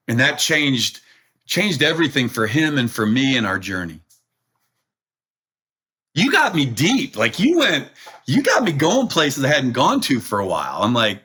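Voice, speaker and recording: A man's voice: a little high, wildly swooping pitch, unhurried, bright, forceful tone, slightly rough. A middle-aged man telling a personal story as a podcast guest, earnest and emotional. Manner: earnest, emotional, quotes himself.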